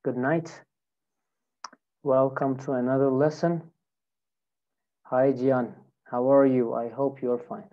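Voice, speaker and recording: A woman with a low, mellow voice teaches English in a live online class, greeting each student by name in a friendly manner. She speaks slowly, and the sound comes through a computer mic, a bit dull and lo-fi. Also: fairly even intonation.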